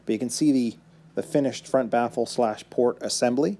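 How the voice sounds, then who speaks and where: Relaxed man narrating a workshop build. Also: medium pitch, moderate pace. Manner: relaxed, explanatory, with frequent fillers and self-corrections. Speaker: woodworking video maker. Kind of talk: casual how-to voice-over.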